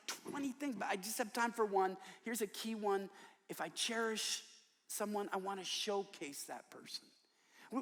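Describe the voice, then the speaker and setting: An older man preaching a sermon in a large church, telling stories in an animated way and acting out the voices he quotes. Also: high-pitched, in a large hall. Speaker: guest preacher. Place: large church worship center.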